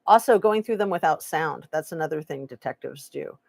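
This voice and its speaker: Woman doing true crime commentary on stream, low-ish voice, snarky, dead dry room. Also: expressive, brisk, creaky, no echo. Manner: sarcastic, opinionated, reads chat aloud. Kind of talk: casual live-stream commentary.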